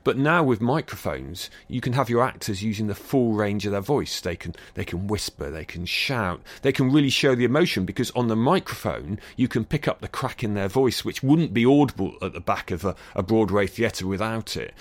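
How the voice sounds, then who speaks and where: A man's voice: fairly low pitch, expressive, normal speed, few pauses, no room sound. A man with a mild received-pronunciation British accent, explaining things thoughtfully as an interview guest, with fillers and restarts. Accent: near-received pronunciation British. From Britain. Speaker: guest expert on acoustics. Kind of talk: conversational interview answers.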